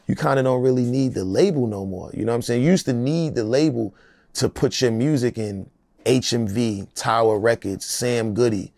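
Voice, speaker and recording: A man's voice: mid-range voice, moderate pace, gravelly, dark tone, no echo. A man in his forties, a rapper being interviewed, talking in a casual, profane, streetwise way and often adding "you know what I'm saying".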